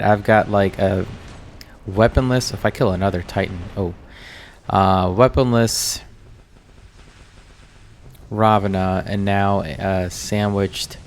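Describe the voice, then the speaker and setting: American man, gravelly, low voice, casual game commentary, rambling, faint hiss behind. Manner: chatty, distracted, filler-heavy. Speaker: gaming channel host.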